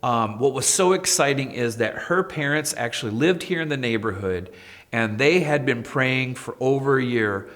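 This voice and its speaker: Lively storytelling man, echoey room. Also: medium pitch, normal speed. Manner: lively, acts out quoted voices. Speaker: school principal. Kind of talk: personal storytelling.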